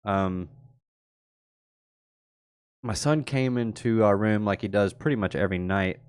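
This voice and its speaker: A man's voice: on the low side, measured pace, clear, resonant tone, no echo. A young man hosting a live stream, chatting casually and rambling, laughing often as he talks. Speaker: host.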